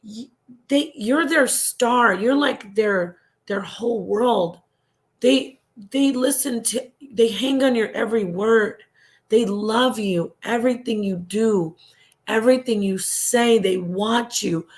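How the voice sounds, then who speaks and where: A middle-aged woman hosting a casual livestream, reading her chat and talking warmly, often trailing off and restarting her sentences. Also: a little high, takes it slowly. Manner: chatty, affectionate, trailing off and restarting. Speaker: livestream host.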